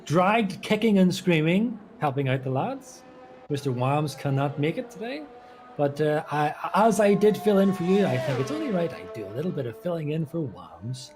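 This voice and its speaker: Male guest commentator with a somewhat high, animated voice, explaining the lines and braking, modest and joking. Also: normal speed, music in the background. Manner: self-deprecating, explains driving technique. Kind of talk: sim racing commentary.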